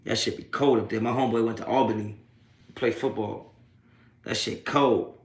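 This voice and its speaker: A sports talk livestream host with a mid-range, steady voice speaks at a moderate pace in a roomy-sounding space. After the game he goes live, reading chat and taunting trolls with profane street slang while laughing them off.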